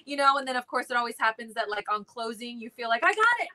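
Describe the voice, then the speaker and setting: Bright, earnest woman in her thirties. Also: fairly high pitch, fairly even intonation, fast talker, low-quality recording. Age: 30s. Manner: warm, earnest, searching for words with many likes. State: emotional, near tears. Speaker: actor in the play. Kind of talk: live virtual panel talk.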